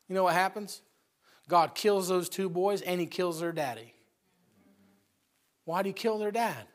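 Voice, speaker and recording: A man preaching a sermon in a folksy, conversational way, retelling stories with lively acted-out voices. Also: high-pitched, unhurried, long pauses. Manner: animated storytelling, acting out characters' voices.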